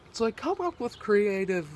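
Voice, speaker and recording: Give me a man venting in a casual vlog, profane and rambling, with a lively, swooping pitch. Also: slight background noise. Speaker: vlogger.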